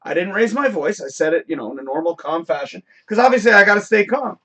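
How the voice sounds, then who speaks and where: A man hosting a live talk show, telling a work story in a casual, profane, animated rant that now and then bursts into shouting. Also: sits high, fast talker. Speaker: podcast host.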